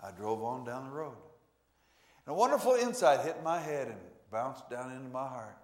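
A male pastor delivering a sermon in a church, preaching emphatically with sudden loud swells. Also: medium pitch, sing-song, moderate pace. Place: church sanctuary. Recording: echoey church room.

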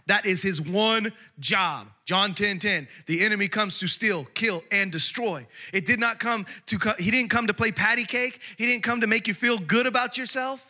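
High, bright-voiced preaching man. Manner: emphatic preaching, voice swings from loud to hushed. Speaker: pastor. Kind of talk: sermon.

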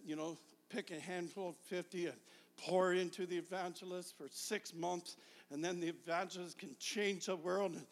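A middle-aged man preaching a sermon as a travelling evangelist, swinging from shouted fervor to quiet confiding asides. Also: high-pitched. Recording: long hall reverb.

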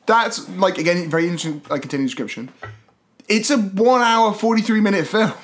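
A man's voice: high voice, fairly quick. A man, casually chatting as a podcast co-host and complaining with wry emphasis. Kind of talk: casual chat.

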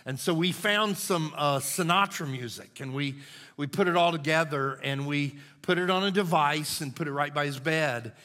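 A man's voice: a little high, moderate pace, bright, forceful tone. A middle-aged man, a lead pastor, telling personal stories in a folksy, conversational sermon, often tossing in "man.". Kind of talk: storytelling sermon. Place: church sanctuary. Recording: church hall with long reverb.

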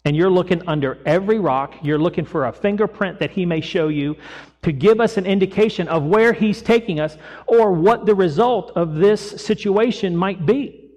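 A man preaching a sermon as pastor, retelling a Bible story in a lively storytelling way and voicing its people casually. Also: sits high, moderate pace. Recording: long echo of a church hall.

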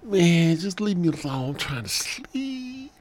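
A man's voice: sits high, sing-song, takes it slowly, pitched above the performer's own voice, exaggerated voice. A man putting on a whiny sleepy penis with a bad fake Mexican accent. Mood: sleepy whining. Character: sleepy grumpy male penis, whiny, wants to be left alone.

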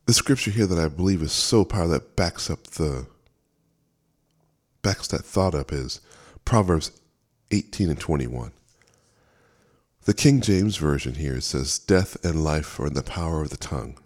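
A man's voice: very deep voice, animated, measured pace, pauses often, a little mellow. A man preaching a sermon as a minister, earnest and fervent, often repeating and restarting phrases. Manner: speaks with fervor and emphasis.

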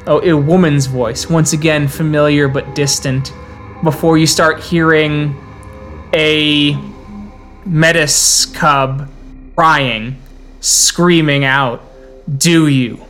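A man narrating as storyteller of a tabletop game, dramatic and slowing down for eerie scenes. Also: a little high, fairly even intonation, fairly bright tone, soft background music.

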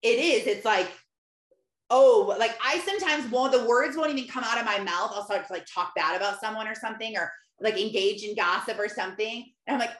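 A woman's voice: on the high side, moderate pace, a bit bright, echoey room. A woman speaking in an earnest, conversational way, teaching about prayer and acting out her own prayers as she goes. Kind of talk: faith-based teaching talk.

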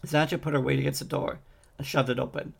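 Gravelly, monotone man reading a novel. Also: medium pitch, fast talker. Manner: steady reading with small slips and restarts. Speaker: audiobook reader. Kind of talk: amateur audiobook narration.

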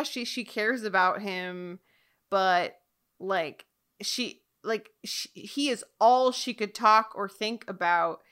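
A woman's voice: a little high, pushed and bright. A young woman co-hosting a casual chat, thoughtfully weighing whether characters acted in character. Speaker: podcast co-host. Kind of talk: casual chat recapping a TV episode.

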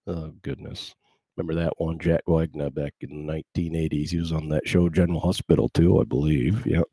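A man's voice: low voice, moderate pace, warm tone, dry recording, studio quality. A man hosting his podcast live, rambling in casual chat with wry asides. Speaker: podcast host.

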